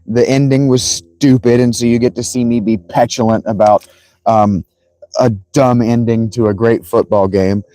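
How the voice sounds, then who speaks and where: A man chatting on his own livestream, rambling and swearing as he retells a story with lots of energy. His voice is mellow and relaxed. The sound is dry and close, with no room echo. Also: medium pitch, moderate pace. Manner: rambling, profane, animated storytelling. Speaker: livestream host. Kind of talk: casual livestream chat.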